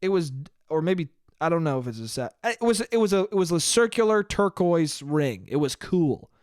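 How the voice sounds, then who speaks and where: A man hosts his own podcast alone and tells a story in a loose, profane, self-mocking way, saying "dude" again and again. His voice sits high for a man. The sound is dry and close, with no room echo. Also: very animated, moderate pace, a little mellow, smooth. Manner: profane, self-deprecating, says "dude" a lot. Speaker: podcast host. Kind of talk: casual solo storytelling monologue.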